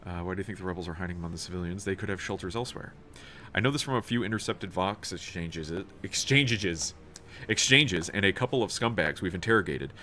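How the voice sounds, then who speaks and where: A man's voice: low voice, quick pace, a bit bright, a little hiss or hum. A man streaming a role-playing video game, reading its text aloud in a casual, swearing tone and tripping over words now and then.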